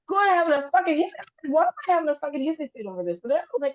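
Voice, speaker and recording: A woman's voice: sits high, racing, hardly any pauses, highs cut off. A woman hosting a podcast, telling stories in casual chat, acting out what people said and swearing freely. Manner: animated storytelling, acts out quotes, swears freely. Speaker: podcast host. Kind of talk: casual conversation, storytelling.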